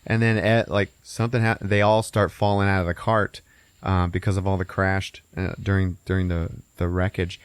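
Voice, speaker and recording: A man hosting a podcast, casually recapping a movie with an animated, profane delivery and frequent laughs. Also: low voice, normal speed, clean tone, no echo. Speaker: podcast host.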